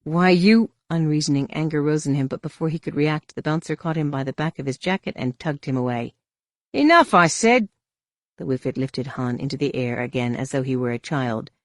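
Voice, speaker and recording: Male audiobook narrator, even scripted delivery, dry booth sound. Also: medium pitch, fast talker, few pauses, no echo.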